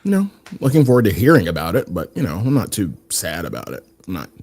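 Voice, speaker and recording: A man's voice: deep voice, wildly swooping pitch, fast talker, a little mellow. A man co-hosting a casual discussion show, hesitant and often restarting his words. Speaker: podcast co-host. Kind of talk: casual chat.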